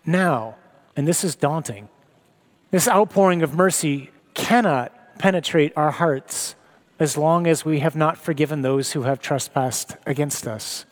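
A man's voice: a little high, unhurried. A man preaching a sermon, reading scripture and teaching in an earnest, reflective way.

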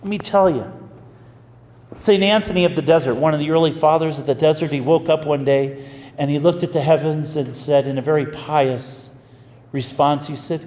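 A man preaching as a pastor, telling a story in an animated, folksy way. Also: a little high, normal speed. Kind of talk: storytelling sermon. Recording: echoey hall with faint ambience.

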